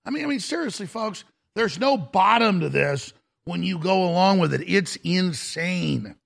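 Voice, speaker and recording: A middle-aged man hosting a talk show, delivering an aggressive, shouting rant in a raspy voice. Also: sits high, lively intonation, moderate pace. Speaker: radio talk show host. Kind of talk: ranting talk-show monologue.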